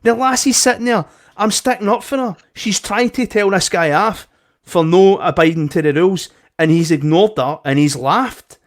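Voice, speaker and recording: A young Scottish podcast co-host with a high-sitting voice tells a heated story at normal speed, swearing and acting out both sides of an argument in casual conversation.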